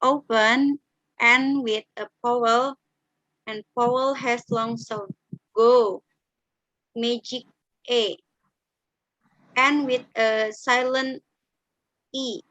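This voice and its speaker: A young woman lists phonetics examples in English at a very slow, word-by-word pace, pausing on fillers. Her voice is bright and fairly high, and the recording is dry, with no room sound. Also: fairly even intonation, dry recording, highs cut off. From Indonesia. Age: young adult. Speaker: student presenter. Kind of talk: reading a phonetics lesson.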